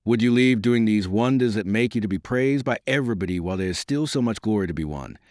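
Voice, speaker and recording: A man's voice: on the low side, quick pace, darkish tone, no echo, studio quality, close to an everyday voice. A man voicing an old village father, homely and rambling in his talk.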